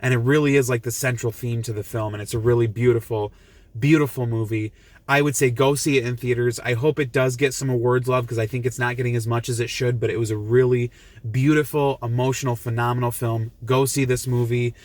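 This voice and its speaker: A man's voice: mid-range voice, fairly even intonation, brisk, dry recording. A man talks through a film he loved in a casual, heartfelt review, his voice sitting in an ordinary middle register. He gushes, stumbles and repeats himself as the feeling gets to him. The sound is dry and close, with no room around it. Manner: earnest and gushing, with frequent restarts and repetitions. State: emotional, moved.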